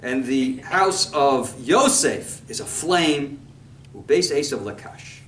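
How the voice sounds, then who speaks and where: A man giving a sermon as a rabbi, telling a story with lively emphasis and quoting Hebrew texts. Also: mid-range voice, slow, a little hiss or hum. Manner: animated storytelling, mixes Hebrew quotes and English. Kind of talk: sermon on scripture. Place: congregation hall. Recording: echoey room, mic far off.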